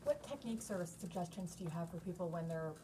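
A woman's voice: on the low side, animated, fast, warm tone, slight background noise. A woman in a class asking an earnest question.

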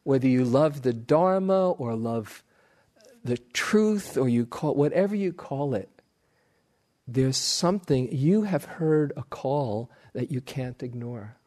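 A middle-aged man, a meditation teacher, giving a dharma talk in a slow, gentle storytelling manner with soft laughs. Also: medium pitch, animated.

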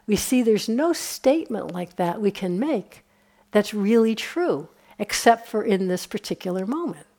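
A woman meditation teacher giving a relaxed, conversational dharma talk on a retreat, often chuckling. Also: medium pitch. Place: retreat center hall.

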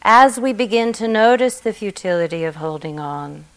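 A woman meditation teacher giving a gentle, reflective dharma talk, often trailing off softly at the ends of phrases. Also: medium pitch, animated, moderate pace, low-quality recording. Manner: gentle and reflective, soft endings.

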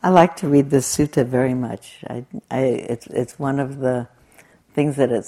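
A woman's voice: a bass voice, mellow, breathy edge. An older woman giving a conversational, reflective dharma talk as a meditation teacher. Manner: conversational and reflective, with laughing asides.

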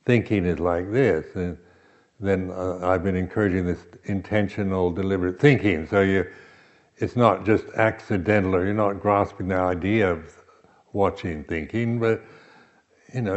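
Very deep-voiced man giving a slow dharma talk. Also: darkish tone, dull audio. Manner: slow, reflective, with many pauses and restarts. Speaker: meditation teacher.

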